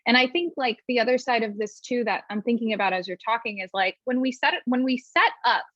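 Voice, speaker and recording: A woman's voice: fairly high pitch, quick pace, a bit bright. A woman therapist speaks reflectively in a casual webinar discussion, in a plain conversational way. Her voice comes through dull, lo-fi call audio. The sound is dry with no room echo.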